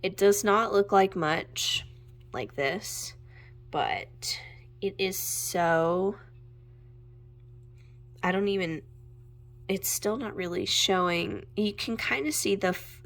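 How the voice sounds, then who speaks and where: A young woman chatting casually at home as she shows her makeup, gushing and sometimes dropping into a soft whisper. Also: medium pitch, a little slow. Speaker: makeup vlogger. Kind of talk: casual chat while swatching makeup. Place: home room with natural light.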